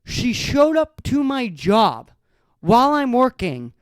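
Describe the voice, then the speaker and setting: A man's voice: very high-pitched, big pitch swings, slow pace, no room sound. A man telling a story on his solo podcast, in no hurry and often laughing at it. He restarts his sentences as he goes, and his voice sits dry and close to the mic. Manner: amused, often breaks into laughter while retelling. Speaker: podcast host.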